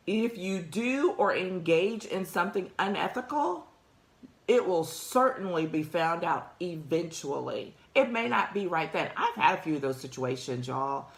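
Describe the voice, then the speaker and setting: Speaking in a lowish voice with a roomy sound, a woman hosts a career talk show. She talks conversationally and motivationally straight to her audience, laughing frequently.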